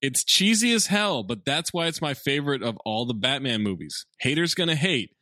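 A man hosting a podcast in casual comedic chat, reading reviews aloud with an animated, mocking manner and free swearing. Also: mid-range voice, normal speed, no echo, clean studio sound.

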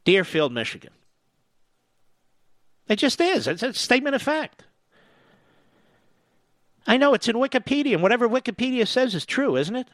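A man's voice: extremely high pitch, very animated, moderate pace, pauses often, fairly bright tone, no echo. Older man, talk radio host, sarcastic and combative, dry close sound. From US East Coast. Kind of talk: opinionated talk radio monologue.

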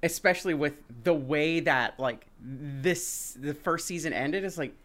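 A woman guest on a podcast, chatting casually over a video call in an animated way. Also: sits low, a little slow. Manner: animated, acts out pets' voices.

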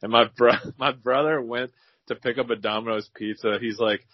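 A man in his thirties co-hosting a podcast, speaking in a hesitant, halting way. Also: medium pitch, flat delivery, dry recording, lo-fi sound. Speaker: podcast co-host. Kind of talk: casual chat.

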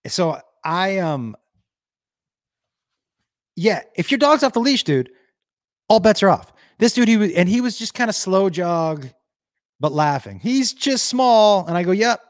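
A man's voice: high-pitched, very animated, measured pace, long pauses, no room sound, clean studio sound. A middle-aged man ranting on a casual livestream, telling a story and reading viewer comments with blunt, profane emphasis.

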